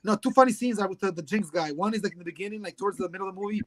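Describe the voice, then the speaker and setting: A man co-hosting a casual podcast, excitedly retelling movie scenes. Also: high-pitched, racing. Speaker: podcast co-host. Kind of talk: casual live podcast chat.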